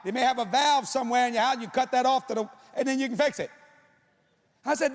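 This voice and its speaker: A man preacher telling a comic story in an animated way, often shouting punchlines. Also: very high voice, fast.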